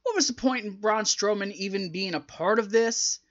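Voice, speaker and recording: A man reviewing a wrestling show, talking casually and getting exasperated, with a rambling, animated delivery. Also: high-pitched, normal speed, highs cut off.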